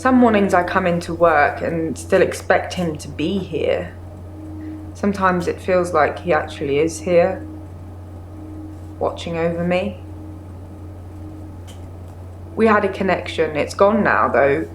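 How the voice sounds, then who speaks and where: A woman's voice: on the low side, a little slow, slight background noise, natural voice. An actress playing a guarded female clinic receptionist in a mystery game, with dry, pointed delivery. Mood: wistful. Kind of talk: FMV game acting.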